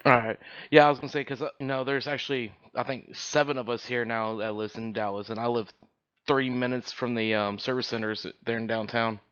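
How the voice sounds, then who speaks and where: A man's voice: mid-range voice, level tone, brisk, fairly bright tone, clean tone. A man chiming in during an online community meeting, chatty and offhand, heard through slightly dull voice chat audio. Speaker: community member. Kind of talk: casual voice chat.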